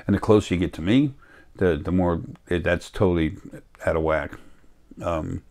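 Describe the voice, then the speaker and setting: Deep voiced guy, kinda sick and coughy, rambling on slow. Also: darkish tone. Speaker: vlogger. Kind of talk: casual monologue.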